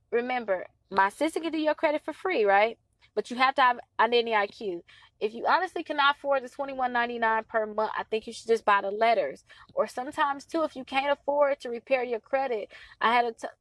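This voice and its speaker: A woman's voice: a little high, dry recording. A woman in her thirties coaching on credit repair in a casual, chatty talk to her followers, pleading and emphatic. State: stuffy nose from allergies.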